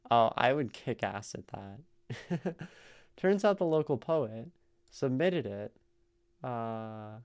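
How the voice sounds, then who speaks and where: A man's voice: medium pitch, lively intonation, slow, darkish tone, clear, resonant tone. A man hosting a live stream, casually analyzing poetry and thinking aloud as he taps out rhythms in syllables. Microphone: streaming mic.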